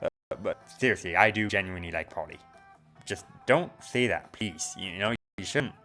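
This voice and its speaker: A man's voice: low-pitched, normal speed, bright, forceful tone, faint music behind. A man streaming a video game, chatting casually and reading the text aloud. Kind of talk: let's play commentary.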